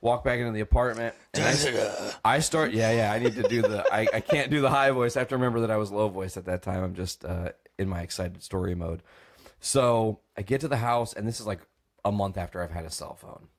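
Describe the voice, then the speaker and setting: A man's voice: lowish voice, fairly quick. A young man on a podcast telling a rowdy story, swearing and acting out voices as he goes. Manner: acts out voices, swears freely, laughs often. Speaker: podcast host. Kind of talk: animated storytelling on a comedy podcast.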